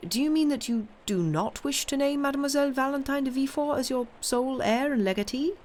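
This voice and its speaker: A woman's voice: high-pitched, quick pace, darkish tone, voice pushed up, natural voice. A woman reading aloud and voicing a formal male notary who asks questions in disbelief. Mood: incredulous. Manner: questioning, incredulous.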